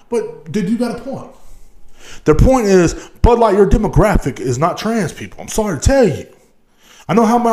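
Profane, riled-up man with a high voice. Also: very animated, normal speed, darkish tone, echoey room. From Texas, USA. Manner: riled-up, swears constantly, rambling. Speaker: podcast host. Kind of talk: profane solo rant.

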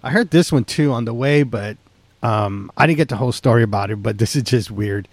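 A man's voice: mid-range voice, fairly quick, no echo. A man co-hosting a podcast in casual chat, rambling and laughing often. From San Antonio, Texas. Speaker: podcast co-host.

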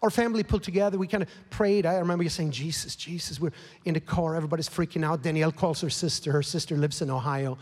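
Male pastor preaching, emotional storyteller, higher-pitched, long hall reverb. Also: steady tone, rapid-fire. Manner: emotional, grows louder and more heated, whispers at times. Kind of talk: sermon storytelling.

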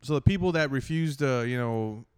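A man's voice: mid-range voice, normal speed, clean tone. A man chatting as a podcast guest, loose and slangy, tossing in "bro" and curse words. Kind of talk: casual chat.

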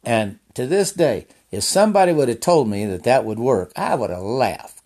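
A man's voice: mid-range voice, expressive, normal speed, darkish tone. A man casually telling a personal story in a folksy, rambling way with restarts and asides.

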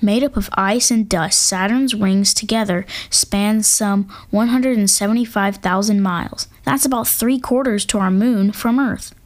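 A woman's voice: medium pitch, measured pace, hardly any pauses. A woman hosting an astronomy talk, reading facts in a casual way and adding jokey asides into a home microphone. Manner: playful, jokey asides, hums drum rolls. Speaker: podcast host. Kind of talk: casual educational narration.

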